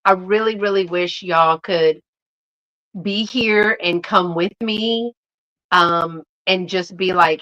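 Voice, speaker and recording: A woman's voice: mid-range voice, steady tone, unhurried, sharp tone, dull audio. A woman, chatting casually and bubbly with viewers as the host of a live reseller stream. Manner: chatty and bubbly, many fillers and restarts, addresses viewers as y'all. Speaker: YouTube vintage reseller hosting a live stream.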